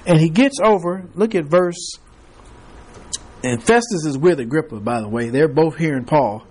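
A man's voice: a little high, moderate pace, a little mellow, husky. A man teaching a Bible class, reading scripture aloud and prompting the class to fill in the words, with chuckling asides.

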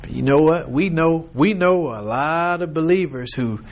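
A man's voice: a little high, slow. Rambling man leading a Bible study. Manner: rambling, retells scripture in quoted voices. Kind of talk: informal Bible study discussion.

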